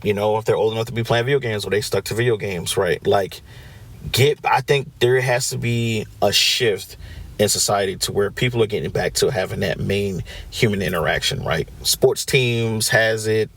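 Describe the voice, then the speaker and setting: A man's voice: lowish voice, moderate pace, creaky, a bit bright. A man hosting a podcast, talking casually on his own, often checking in with "right?" and acting out what friends say. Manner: conversational, frequent "right?" check-ins, acts out quoted friends. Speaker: podcast host. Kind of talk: casual solo podcast talk.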